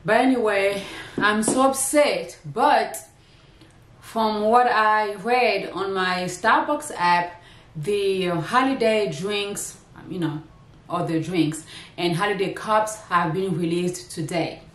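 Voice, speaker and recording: A woman's voice: medium pitch, takes it slowly, fairly bright tone. A woman chatting casually to her viewers in a vlog, rambling and talking straight to camera from her home. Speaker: lifestyle vlogger. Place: indoors at home. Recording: echoey room.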